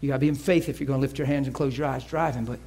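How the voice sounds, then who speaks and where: A man's voice: mid-range voice, steady tone, rapid-fire, warm tone, slight background noise. A male preacher delivering an emotional sermon, moving between playful banter, laughter and earnest prayer.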